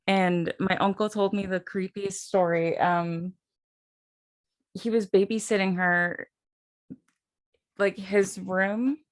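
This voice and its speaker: A woman podcast host chats casually and laughs as she shares a creepy family story. Her voice sits at an ordinary middle pitch. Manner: chatty, laughs while telling stories. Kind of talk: casual chat.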